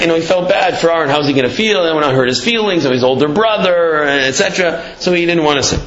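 A man's voice: on the high side, lively intonation, fast talker, hardly any pauses, a bit bright. A man giving a casual, storytelling Torah talk, sprinkling in Hebrew and Yiddish terms with many fillers. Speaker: Torah teacher. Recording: echoey dull lo-fi room.

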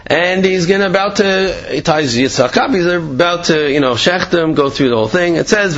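A man's voice: a little high, expressive, normal speed, few pauses, a bit bright, dull audio. A man giving an informal Torah class, telling jokes and asking many rhetorical questions, with frequent fillers. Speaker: Torah teacher.

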